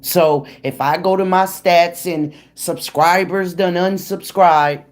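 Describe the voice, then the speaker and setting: A woman's voice: fairly low pitch, steady tone, takes it slowly, a little hiss or hum. A woman hosting a true crime livestream in a casual, blunt, slangy way, calling out critics and greeting viewers in the chat by name.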